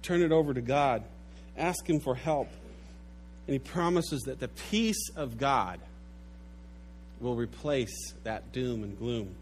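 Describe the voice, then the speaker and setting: A man preaching a sermon, telling an animated story and dropping low and soft for the sad parts. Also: slow, long pauses, a little hiss or hum. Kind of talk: sermon with a told joke.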